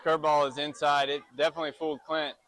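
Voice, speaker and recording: Middle-aged dad doing play-by-play at his kid's ball game, chatty and jokey, a bit higher voice. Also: flat delivery, fast talker, a bit bright, no room sound, a faint crowd. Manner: chatty, self-joking announcer patter. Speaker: dad doing play-by-play for his son's youth baseball team. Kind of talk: amateur play-by-play commentary.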